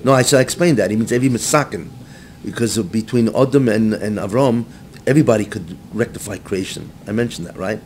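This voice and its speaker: A man, a rabbi, teaching a class to a live group. He mixes Hebrew phrases into his English, keeps checking in with "right?", and rises to near-shouting when he acts out the text. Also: fast talker. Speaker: rabbi giving a Torah class. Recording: faint low rumble behind.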